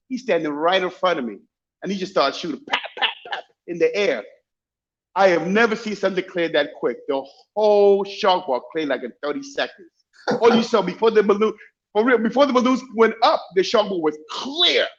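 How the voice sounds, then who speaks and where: Brief: male podcast guest, animated storyteller, somewhat high voice, muffled lo-fi sound. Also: a little fast. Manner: animated, many repeats and restarts. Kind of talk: casual storytelling.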